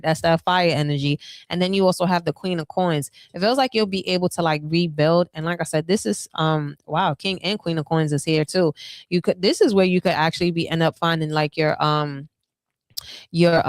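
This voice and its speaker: A woman with a slightly low voice reads tarot cards for her viewers in a loose, chatty way. She wanders through fillers and restarts, then jumps up in excitement. The sound is dry and close. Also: no echo. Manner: chatty, hesitant with many fillers, bursts of excitement. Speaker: tarot reader. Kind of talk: casual tarot reading to viewers.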